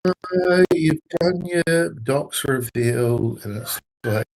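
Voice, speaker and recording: A man's voice: on the high side, lively intonation, slow pace, poor audio. A man, a guest on a casual livestream, talking indignantly and swearing a lot.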